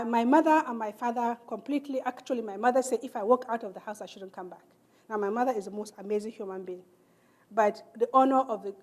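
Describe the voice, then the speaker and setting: A middle-aged Nigerian woman giving a speech in a large hall, telling her life story earnestly and acting out the people in it. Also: on the high side. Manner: earnest, animated storytelling with quoted dialogue. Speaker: keynote speaker.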